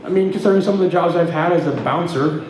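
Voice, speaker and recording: A man's voice: fairly high pitch, fast talker, a little mellow, very echoey, rough recording. A middle-aged man from Ontario doing stand-up comedy, telling a story with lots of swearing and laughing between punchlines. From Ontario, Canada.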